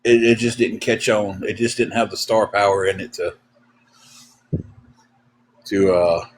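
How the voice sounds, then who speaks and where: This man's voice is fairly low and fairly even in intonation, at a measured pace. He's a livestream host telling meandering, folksy stories to chat with lots of fillers and restarts, in a low-quality recording with a little hiss or hum.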